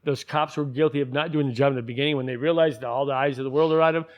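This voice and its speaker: A man's voice: medium pitch, fairly even intonation, racing, dull audio. A man ranting in casual commentary, heated and profane, rambling with many restarts.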